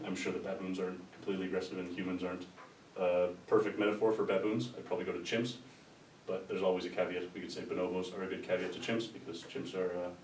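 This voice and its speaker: A man with a fairly low voice lectures loosely, circling back with asides and restarts. He is picked up from across an echoey room. A faint rumble sits underneath. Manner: rambling, conversational, with restarts and asides. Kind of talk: informal lecture. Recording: roomy sound from a distant mic with faint rumble.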